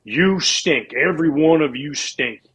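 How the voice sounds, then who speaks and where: A man's voice: a little high, animated, measured pace, fairly bright tone, breathy edge, heavily acted. A man imitating a furious older baseball manager who berates his players in a profane tirade.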